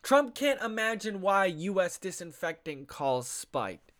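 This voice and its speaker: Profane, animated young man ranting. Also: high-pitched, unhurried. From United States. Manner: profane, exasperated, laughs often. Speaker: vlogger. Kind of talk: ranting news commentary.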